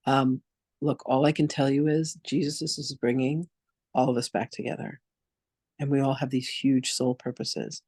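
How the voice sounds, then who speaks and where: Gravelly, husky man teaching a spiritual class. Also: medium pitch, steady tone, moderate pace, a little mellow, dry recording. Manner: earnest, listing things one by one. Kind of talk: online masterclass talk.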